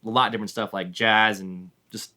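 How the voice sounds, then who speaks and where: A man with a lowish voice races through his stories at a quick clip. He tells rambling anecdotes as a band's drummer, breaking into laughs and acting out what people said. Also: fairly even intonation, bright, forceful tone. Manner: rambling anecdotes with frequent laughs and acted-out quotes. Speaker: drummer, band member guest. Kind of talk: casual storytelling interview.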